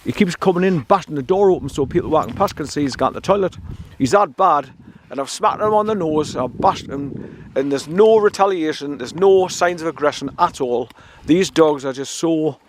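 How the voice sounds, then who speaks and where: An older man with a slightly high voice chats casually while walking his dog beside a stream, with a bit of background noise. A dog owner vlogger, he talks at normal speed, blunt and meandering, rambling on and repeating words.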